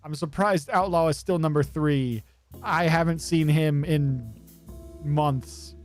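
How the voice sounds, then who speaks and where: A man's voice: on the high side, slow, a little mellow. Wry male game streamer. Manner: wry, offhand, muttering asides. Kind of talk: casual gameplay commentary. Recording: faint music behind.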